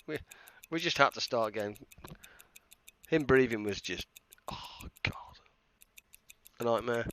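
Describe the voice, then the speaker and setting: A man from the UK giving chatty, excitable live commentary while streaming a game and greeting viewers. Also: mid-range voice, a little slow, long pauses. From United Kingdom. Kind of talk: casual live gameplay commentary. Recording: slightly dull stream mic with faint hiss.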